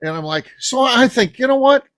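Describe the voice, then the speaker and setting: A man hosting a casual roundtable podcast, telling animated stories and swearing freely. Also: very high-pitched, normal speed, no room sound. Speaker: podcast host.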